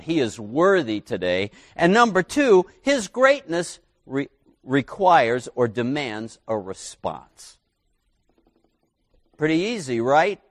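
A man's voice: a little high, no echo, studio quality. A middle-aged male pastor preaching a sermon in a folksy, conversational way with asides to the congregation.

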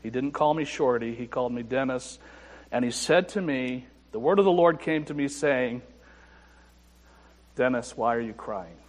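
A male pastor telling a personal story in a sermon, moving between quiet reflection and emphatic moments. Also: mid-range voice, normal speed, big-room sound.

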